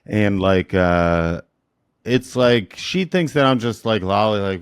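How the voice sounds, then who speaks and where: Wry joking man, lowish voice. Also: slow pace, clean tone, no room sound, clean studio sound. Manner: wry, deadpan joker. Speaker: comedian guest in couples therapy talk. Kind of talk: casual chat.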